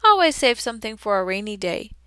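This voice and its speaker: A woman voicing a jovial, booming male night janitor who talks in a loud, hearty, chatty way. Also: very animated, a little fast, clean tone, no room sound. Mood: jolly.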